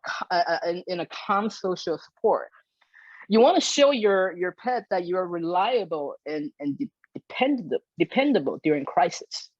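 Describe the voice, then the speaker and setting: Brief: woman behavior consultant, animated explainer, dull and dry video-call sound. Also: lowish voice, no echo. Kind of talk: educational webinar talk.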